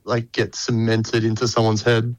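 A man in a band being interviewed, talking in a relaxed, candid way with some swearing and stammering. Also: on the low side, normal speed, no echo, rough recording. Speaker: band member guest. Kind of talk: casual interview chat.

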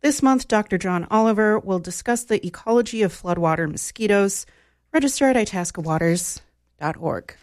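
A woman's voice: medium pitch, moderate pace, no room sound. Chatty woman radio DJ, dry studio sound. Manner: chatty, relaxed, enthusiastic about music. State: slightly out of breath. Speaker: radio DJ host. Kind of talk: casual radio DJ back-announcing and community announcements. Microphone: studio microphone, close.

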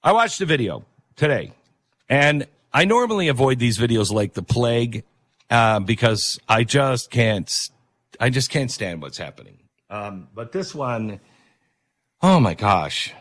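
A man's voice: mid-range voice, very animated, unhurried, a bit bright, dry recording. A man hosting a talk radio show, delivering a rambling, opinionated monologue with self-deprecating asides.

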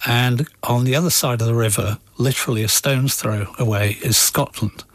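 A man from England, an author guest on a radio interview, explaining history in a measured, storytelling manner. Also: medium pitch, fairly even intonation, no echo.

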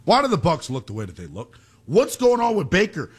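Brash, animated sports radio host man. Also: fairly high pitch, normal speed, breathy edge. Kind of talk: late-night call-in sports talk. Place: radio studio.

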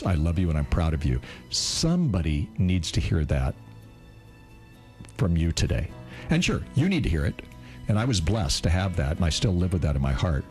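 A man in his sixties co-hosting a radio talk show, telling a heartfelt personal story and slowing down for emphasis. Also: darkish tone. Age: 60s. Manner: acts out quoted lines in a higher voice.

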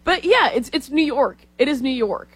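A woman's voice: high-pitched, lively intonation, normal speed, slightly rough, dry recording, rough recording. A woman in her twenties from Texas, co-hosting a casual sports talk show and rambling with lots of fillers.

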